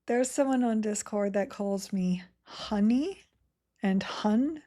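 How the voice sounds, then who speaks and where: A young woman chatting her way through a live game stream, giggling often between remarks. She speaks at an easy, slow pace with a mellow, soft tone and a middle pitch. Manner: chatty, giggly, reads chat aloud. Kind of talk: casual live-stream chat while playing.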